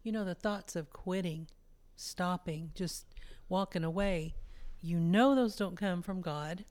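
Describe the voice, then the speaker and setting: A woman's voice: on the low side, unhurried, darkish tone. A woman co-hosting a casual faith podcast, speaking in an earnest, exhorting way.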